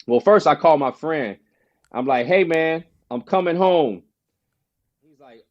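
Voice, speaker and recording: A man telling a personal story in casual conversation as a podcast guest, animated and slangy, acting out quoted friends. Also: fairly high pitch, moderate pace, lo-fi sound. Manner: casual slang, frequent "bro" and "you know".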